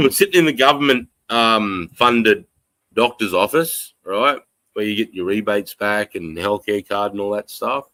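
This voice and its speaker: Broadcasting a laid-back stream from his rural home, the Australian host rambles, swears a lot, and reads comments from chat. His lowish voice is unhurried, bright, and forceful, with no echo but rough audio quality.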